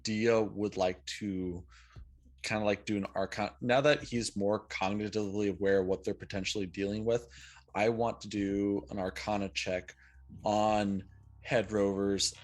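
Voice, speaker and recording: A man's voice: on the low side, level tone, normal speed. A man playing a tabletop game, rambling with many fillers and laughs. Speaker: player.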